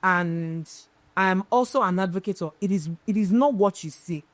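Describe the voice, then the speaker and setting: A woman's voice: medium pitch, normal speed, no echo. A woman, an event planner being interviewed, telling stories emphatically. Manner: emphatic, animated storytelling. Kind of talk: casual interview chat.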